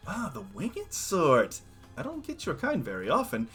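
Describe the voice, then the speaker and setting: A man's voice: a little high, wildly swooping pitch, measured pace, music in the background, pitched above the performer's own voice. Man voicing a hearty clawed tiefling barkeep. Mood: welcoming. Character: gruff clawed male tiefling barkeep, jovial.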